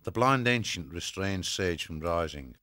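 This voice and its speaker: A man narrating a children's fantasy audiobook in a measured, even storytelling manner. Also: low-pitched, no echo, clean studio sound.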